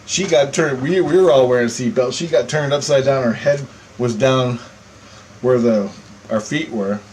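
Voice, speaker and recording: A man's voice: medium pitch, moderate pace, poor audio. Guy ranting through a crazy story, swears a lot, laughs along, mid voice, bit of hiss behind. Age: adult. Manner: animated, profane, laughing between lines. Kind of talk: casual storytelling monologue.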